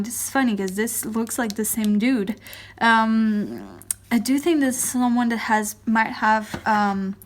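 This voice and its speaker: A woman giving a casual pick-a-card tarot reading, chatty and a little awkward on camera, who keeps repeating "I do think" with many fillers. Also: fairly high pitch. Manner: first time on camera, a bit awkward.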